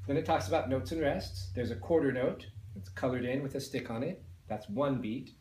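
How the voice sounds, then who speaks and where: A man's voice: medium pitch, fairly quick, a little mellow, roomy sound, slight background noise. Patient man teaching a beginner lesson. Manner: explains step by step, counts and sings along. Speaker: music teacher.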